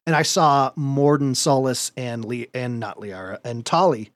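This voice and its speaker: A man hosting a podcast, telling a story in lively casual chat, laughing often and swearing now and then. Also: mid-range voice, a little slow, no room sound, clean studio sound. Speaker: podcast host.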